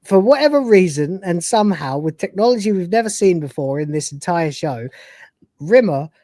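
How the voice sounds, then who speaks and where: Dry, low-voiced woman podcast host. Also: moderate pace, dry recording. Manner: animated retelling of scenes, laughs and swears freely. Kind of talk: casual review chat.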